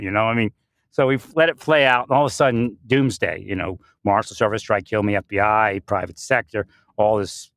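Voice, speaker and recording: A man's voice: lowish voice, fairly quick, a bit bright, no room sound, clean studio sound. A man giving a rambling spiritual monologue, often breaking into laughter and restarting his sentences. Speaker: spiritual speaker.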